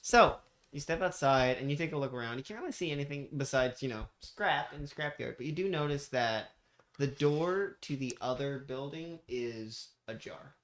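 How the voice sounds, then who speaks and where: A man's voice: medium pitch, animated, moderate pace, fairly bright tone, a little hiss or hum. A man running a tabletop horror game as game master, laughing often and exasperated at his players.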